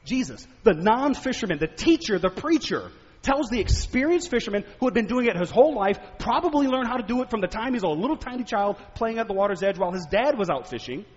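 A male preacher giving a sermon, telling stories and asking animated rhetorical questions. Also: high-pitched, fast, slightly rough. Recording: echoey hall, dull lo-fi sound.

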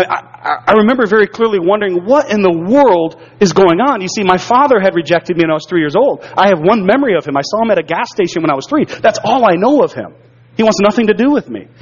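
A man's voice: high-pitched, breathy edge, big-room sound. A man preaching a sermon, telling his own life story earnestly and often repeating words as he gets stirred up. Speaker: pastor. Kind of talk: sermon with personal testimony. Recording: dull lo-fi sound.

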